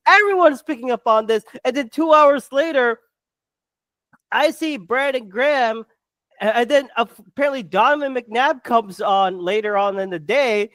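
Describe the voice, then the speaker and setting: A podcast co-host in a full sports rant, voice pitched in the middle of the range and recorded dry and close to the mic. The talk runs hot and fast, with curses and repeated stumbling starts as the thoughts pile up. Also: animated, a bit bright, no room sound. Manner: fast, fired-up, swearing, stammering restarts.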